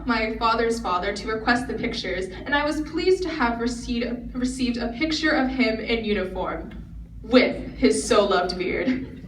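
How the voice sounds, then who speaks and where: A teenage girl delivers a prepared speech with earnest care. Her voice sits a little high and carries around a large, echoing hall, picked up from a distance with a faint hiss underneath. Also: fairly bright tone. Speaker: student speaker. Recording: echoey hall recorded from afar, faint noise.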